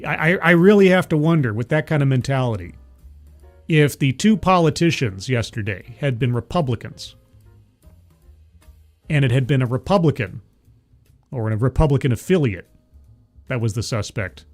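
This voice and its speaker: A man's voice: medium pitch, lively intonation, normal speed, long pauses, faint music behind. A man hosting a political commentary livestream, sardonic and rambling, full of fillers and restarts, who reads viewer chat aloud. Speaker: livestream host.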